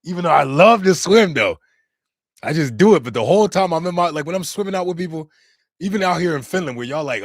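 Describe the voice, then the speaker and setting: A man hosting a casual livestream chat from his home in Finland, reading and reacting to the live chat in a lively, talkative way. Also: on the high side, fast talker, no echo, clean studio sound. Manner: animated, chatty, laughs and exclaims often. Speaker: livestream host.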